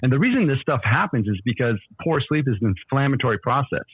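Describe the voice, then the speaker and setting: A man, a sleep doctor, explaining health risks in a quick, easygoing way, often restarting with "so, so". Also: medium pitch, big pitch swings, husky, no room sound, narrow, tinny audio. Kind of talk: explanatory casual talk.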